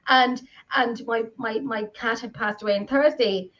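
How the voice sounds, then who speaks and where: A woman's voice: fairly high pitch, steady tone, normal speed, a bit bright, lo-fi sound. An Irish woman co-hosting a live video podcast, talking casually and rambling with many restarts. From Ireland. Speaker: podcast co-host. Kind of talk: casual chat. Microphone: video call.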